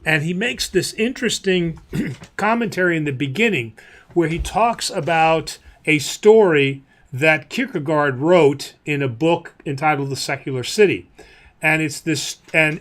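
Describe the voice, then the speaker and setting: A man's voice: on the high side, a bit bright. A man, a priest hosting a livestream, teaching in a chatty way with many fillers and easy laughs.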